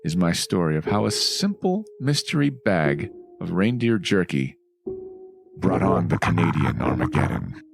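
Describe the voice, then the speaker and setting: Deep-voiced man reading aloud animatedly. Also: unhurried, gravelly, soft background music. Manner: animated, swearing, playful asides. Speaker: podcast co-host. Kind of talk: reading a listener email aloud, casual chat.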